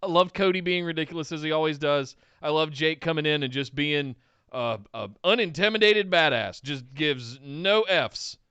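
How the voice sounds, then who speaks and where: High, bright excitable man co-hosting. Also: normal speed, clear, resonant tone, dry recording. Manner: excitable, laughs often, jokey. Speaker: podcast co-host. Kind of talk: casual wrestling chat, reading donations. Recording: dull lo-fi, dry sound.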